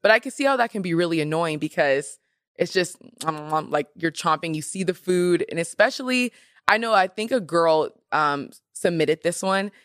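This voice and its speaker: Low-pitched sassy young woman host. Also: moderate pace, no room sound, studio quality. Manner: animated, emphatic, sassy asides. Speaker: podcast host. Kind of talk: casual chat.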